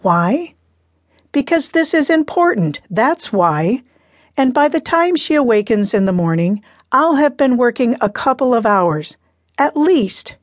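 A woman's voice: on the high side, big pitch swings, a little slow, dry recording, pitched above the performer's own voice. A woman narrator voicing a stern, firm middle-aged father in an audiobook, speaking insistently. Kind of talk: audiobook character reading.

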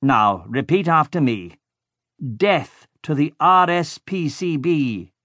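A man voicing a cruel, bossy villainous baron who gloats slowly and bellows insults at his henchmen. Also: a little high, lively intonation, no room sound, studio quality, voice pushed up, heavily acted. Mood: gloating. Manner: slow, gloating, shouts insults.

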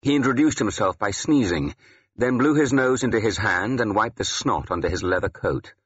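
A man reads a first-person historical tale with dramatic, expressive delivery. His low, husky voice rises and falls widely, and the recording sounds dry and slightly muffled. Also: normal speed, no room sound. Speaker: audiobook narrator. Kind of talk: scripted first-person narration.

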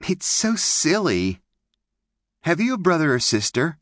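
A man's voice: a little high, very animated, measured pace, fairly bright tone, dry recording, clean studio sound, pitched above the performer's own voice. A man voicing an eager, chatty little pioneer girl in an audiobook.

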